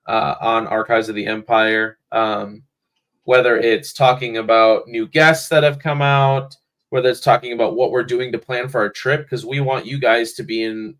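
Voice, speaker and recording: A man's voice: medium pitch, fairly bright tone. A man co-hosting a podcast in casual chat, rambling easily with plenty of fillers. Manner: easygoing, rambling, many fillers. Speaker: podcast co-host.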